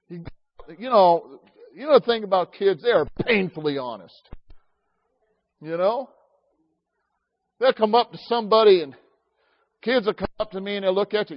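A man's voice: sits high, moderate pace, pauses often. A man preaching a sermon, telling folksy stories with asides to his congregation. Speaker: pastor. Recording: slightly dull lo-fi sound.

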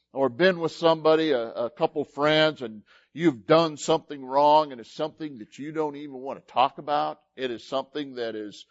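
A man preaching a sermon, folksy and animated, telling stories and quoting scripture. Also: medium pitch, dry recording, lo-fi sound. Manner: animated, folksy storytelling with laughs and quoted voices. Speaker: pastor.

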